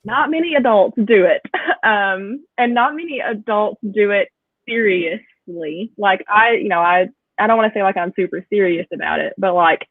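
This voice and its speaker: A woman's voice: medium pitch, normal speed, no echo. A woman guest chatting in a casual interview, enthusiastic and talkative, laughing often, speaking over a video call. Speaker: guest collector. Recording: tinny phone-like call audio, dry.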